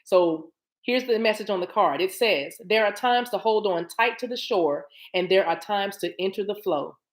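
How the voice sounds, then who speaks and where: A woman's voice: medium pitch, normal speed. A woman doing a live-streamed oracle card reading, reading card text aloud and then talking it over with her viewers in a chatty, familiar way. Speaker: spiritual card reader.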